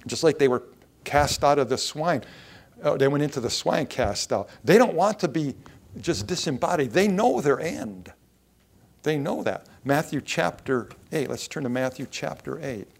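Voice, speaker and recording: A man's voice: on the high side, animated, moderate pace, gravelly. A male pastor preaching a sermon, quoting scripture and raising his voice for emphasis.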